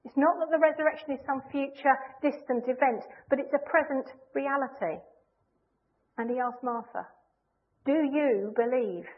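A woman preaching a sermon in an earnest, measured way, leaning hard on key phrases. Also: sits high. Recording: tinny phone-like line.

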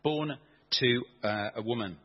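A man preaching a sermon, animated and playful, asking the congregation questions as he explains. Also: mid-range voice, a little slow, dull audio.

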